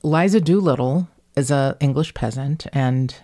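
A woman hosting a podcast, with a faint Northern Kentucky accent in her vowels and cadence. She talks in long, rambling, animated stories full of asides. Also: very deep voice, a little slow. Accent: slight Northern Kentucky. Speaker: podcast host. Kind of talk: casual podcast chat.

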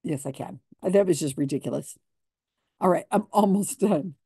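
Woman ranting casually, gravelly and kinda dark toned, dry sound, sarcastic. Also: lowish voice, normal speed, no echo. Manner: sarcastic, skeptical, laughs often. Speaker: commentator on psychic readings. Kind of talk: casual commentary.

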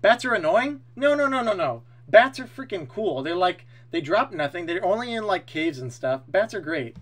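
Streaming live, a man with a high-pitched voice chats casually with his viewers at a moderate pace. He's excitable and opinionated and swears freely.

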